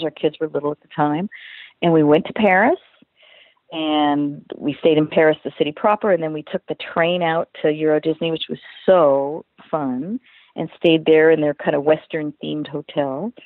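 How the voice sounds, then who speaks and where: A woman's voice: fairly low pitch, dry recording. Chatty older woman on a phone line. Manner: chatty, storytelling, animated quotes. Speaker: singer and voice actress, guest. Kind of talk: interview over the phone. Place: home in California. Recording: dry tinny phone line.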